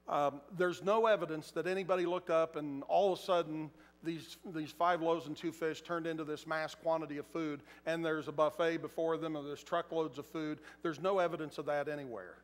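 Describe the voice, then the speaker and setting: A pastor delivers a relaxed, conversational sermon and slips into acted quotes. His voice is fairly high for a man. A long reverb from the big church auditorium trails each phrase. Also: fairly quick. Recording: echoey hall.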